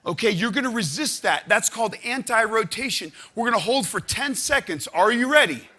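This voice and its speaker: A man leading a live audience through stretching and partner exercises, coaching energetically and counting out loud. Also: high voice, lively intonation, brisk. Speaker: exercise instructor. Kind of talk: live workshop exercise instruction. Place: conference room with audience.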